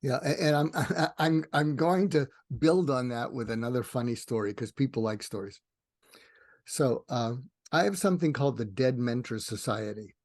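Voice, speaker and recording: An older man, a retired psychiatrist, guests on a podcast and tells rambling personal stories in a casual storytelling interview, warm and prone to tangents. His medium-pitched voice moves at normal speed, recorded at studio quality with no echo.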